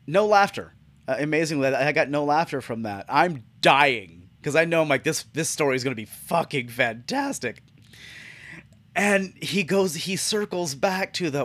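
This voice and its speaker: A man's voice: on the high side, a little slow, fairly bright tone. A man hosting a podcast, telling a profane, exasperated comic story about his job in a casual monologue. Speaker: podcast host.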